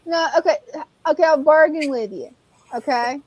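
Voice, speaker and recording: Teasing high-voiced woman co-host. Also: lively intonation, moderate pace, darkish tone, no echo. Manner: teasing, laughs often. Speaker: livestream co-host. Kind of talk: casual chat. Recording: dull dry sound.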